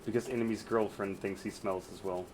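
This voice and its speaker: A man's voice: on the low side, steady tone, fairly quick, noisy background. A man streaming a game, chatting casually with crude, teasing banter and frequent laughter. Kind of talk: casual chat while gaming.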